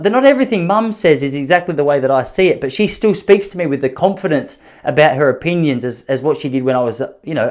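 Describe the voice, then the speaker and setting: A mid-range male voice with a darkish tone belongs to an Australian man in his thirties. As a podcast host doing casual solo storytelling, he rambles through jokey tales at his own expense.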